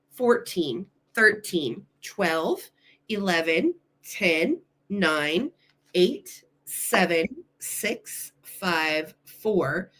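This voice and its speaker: A middle-aged woman hosting a live vintage sale, cooing over old children's books and running bids for her viewers. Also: mid-range voice. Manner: gushing, delighted, talks to chat viewers. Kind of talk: live auction chat, reading children's books aloud.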